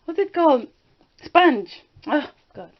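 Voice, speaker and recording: Speaking slowly with a high, lively voice, this twenty-something daughter co-hosts a vlog, showing viewers around her home in a relaxed way. Quick to laugh, she sometimes hunts for the right word, and the room's audio has a flat, lo-fi home-video quality.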